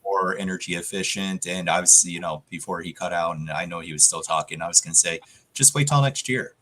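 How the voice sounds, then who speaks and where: A man on a radio chat, giving his thoughts slowly and reflectively. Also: low-pitched, little pitch movement, sharp tone, a little hiss or hum, low-quality recording. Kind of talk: casual call-in chat.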